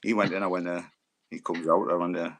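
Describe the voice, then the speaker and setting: A man in his fifties with a Geordie accent, a former footballer telling lively anecdotes as a guest. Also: low-pitched, quick pace, creaky. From Newcastle, England. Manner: lively storyteller who acts out the voices of others.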